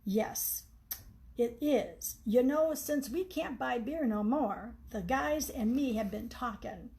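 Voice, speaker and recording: A woman's voice: a little high, slow pace, vocal fry, darkish tone. A woman reading aloud, voicing an eager, pushy husband who talks emphatically. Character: eager scheming husband, a working man.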